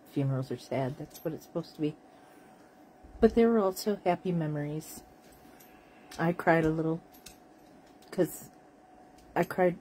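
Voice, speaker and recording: A tired woman with a cough, talking in a slow, halting late-night monologue to her viewers. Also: on the low side, dark tone, slight background noise, poor audio. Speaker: vlogger.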